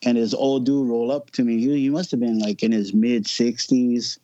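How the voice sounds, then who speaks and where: A man's voice: medium pitch, flat delivery, moderate pace, warm tone, dry recording, highs cut off. A man telling a personal story as a podcast guest, casual and profane, often laughing as he talks.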